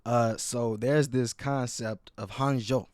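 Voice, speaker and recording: A man's voice: mid-range voice, steady tone, slow pace, darkish tone, no room sound. Earnest slang-heavy man, dry sound. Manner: earnest, emphatic, peppered with slang like "bro". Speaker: podcast host and restorative practitioner. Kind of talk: casual podcast chat.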